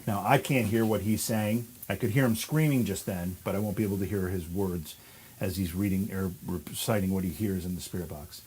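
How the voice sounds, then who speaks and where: Low-voiced man hosting a ghost hunt. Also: steady tone, darkish tone, a little hiss or hum, poor audio. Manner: slow, deliberate questions to the spirits. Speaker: paranormal investigator host. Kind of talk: live ghost hunt narration and spirit questioning.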